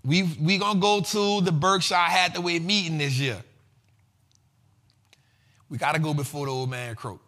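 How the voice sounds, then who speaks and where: A man hosting a casual finance show, talking in a loose, slangy, animated way and laughing often. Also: fairly high pitch, moderate pace, long pauses.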